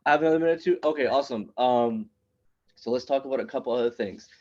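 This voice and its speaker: Rambling stand-up comic, mid-pitched man. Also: quick pace, a little mellow, highs cut off. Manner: rambling, conversational, self-interrupting. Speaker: stand-up comedian. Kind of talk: stand-up comedy set. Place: small open-mic venue, online.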